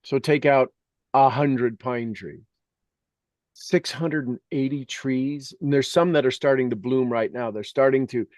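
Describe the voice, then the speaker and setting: This is a middle-aged man leading a spoken meditation, and he wanders from one story to the next with eager, heartfelt enthusiasm. His voice sits at an ordinary middle pitch. The sound is dry and close, with no room echo. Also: fairly even intonation, measured pace, a little mellow. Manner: earnest, enthusiastic, rambling storytelling. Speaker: meditation host.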